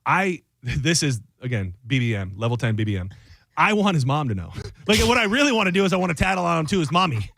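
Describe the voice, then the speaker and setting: A man's voice: on the high side, sing-song, quick pace, vocal fry, a bit bright, no echo, studio quality. A man hosting a talk radio show, chatting casually with his co-host in a self-mocking, rambling way full of restarts.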